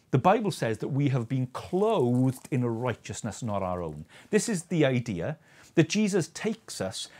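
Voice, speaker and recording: Male preacher, lively rising-and-falling delivery, earnest and full of rhetorical questions. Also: on the high side. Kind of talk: sermon.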